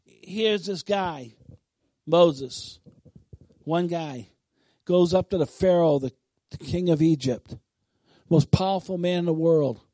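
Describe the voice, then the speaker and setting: A man preaching a sermon who swings between bold, emphatic declarations and quiet, chatty asides to his listeners. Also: on the high side, slow, dry recording.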